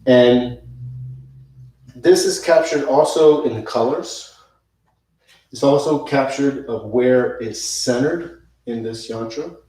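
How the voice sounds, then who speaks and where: A man's voice: mid-range voice, slow pace, long pauses, warm tone. A man teaching yoga, talking to the camera in an unscripted, rambling way, correcting himself as he goes and dropping in casual slang. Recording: very echoey room, voice from a distance.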